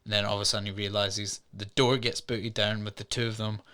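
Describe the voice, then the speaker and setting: A man with a bright, crisp, clear voice chats casually as a podcast co-host. He retells a film's scenes with animated energy and drops into voices for the characters. The sound is clean and recorded in a studio. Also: on the low side, fairly quick. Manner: animated retelling, acts out quotes in put-on voices. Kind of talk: casual film review chat.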